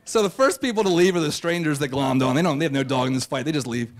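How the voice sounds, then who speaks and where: Cocky guy doing a funny story at a live show, voice on the high side, mic'd on stage. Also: expressive, quick pace. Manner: brash, comic, self-mocking delivery. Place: theater stage before a live audience.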